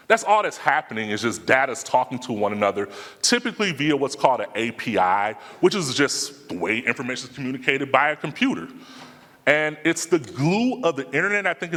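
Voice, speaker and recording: A man with a mid-range, fairly bright voice answers audience questions at a live talk, speaking casually and in slang. He is a conference speaker in a conference hall, and the recording carries a long hall reverb.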